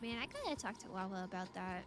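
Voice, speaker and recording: A woman's voice: medium pitch, very animated, fast talker, noisy background. A woman streaming a game, chatting casually with viewers in a playful, giggly way. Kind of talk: casual gameplay chat.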